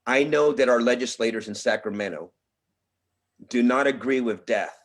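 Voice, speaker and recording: A man's voice: medium pitch, normal speed. A bereaved father making an emotional public plea at a press conference, his voice pleading and breaking with feeling.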